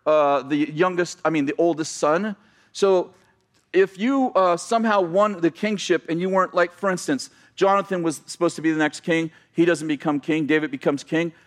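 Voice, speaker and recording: Pastor preaching with a higher voice. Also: male voice. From United States. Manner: storytelling with acted-out quotes, self-deprecating humor. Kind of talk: sermon. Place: church.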